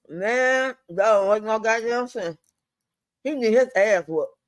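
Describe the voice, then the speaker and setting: Fuming older man venting, high voice. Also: slow pace, dry recording, clean studio sound. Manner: fuming, profane, repeats himself, drawls some words out. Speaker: livestream host. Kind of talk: angry venting live stream. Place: at home.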